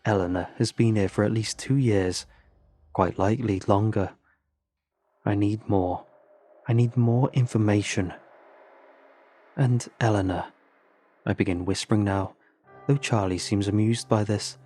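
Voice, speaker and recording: A man's voice: fairly low pitch, steady tone, moderate pace, mellow. A man narrating a first-person horror story in an earnest, tense way.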